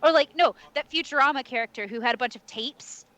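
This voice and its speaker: A woman's voice: high-pitched, brisk, fairly bright tone. A woman player in a casual chat among friends, talking in an enthusiastic, gushing way.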